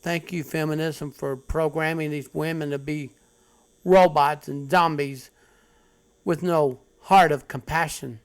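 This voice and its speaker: A man with a somewhat high voice and a gravelly, creaky edge. He comments on stories he reads out for his channel, blunt and preachy, hammering home each point with emphasis. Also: steady tone, a little slow. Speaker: channel host. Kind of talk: commentary on read-aloud online stories.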